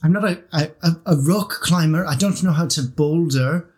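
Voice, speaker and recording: A man playing a tabletop role-playing game, animated, laughing and swearing as he plays his cleric. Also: on the high side, moderate pace, slightly rough. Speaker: player. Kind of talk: casual tabletop role-play.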